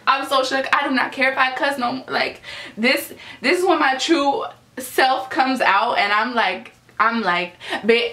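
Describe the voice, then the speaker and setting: A young woman with a bright, fairly high voice gushes through a reaction vlog, cursing freely and repeating herself in slangy bursts. She is recorded at home in a room that rings with echo. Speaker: vlogger reacting to a music video. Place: at home, just woke up.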